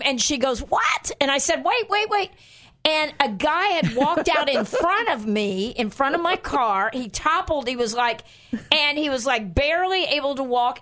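Woman pastor radio host, animated storyteller, slightly high voice. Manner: lively storyteller, acts out voices. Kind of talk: call-in christian radio talk.

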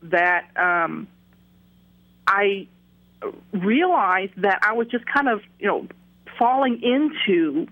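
Halting woman sharing testimony, muffled. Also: mid-range voice, expressive. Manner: halting, many fillers and repeats. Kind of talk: personal testimony on radio.

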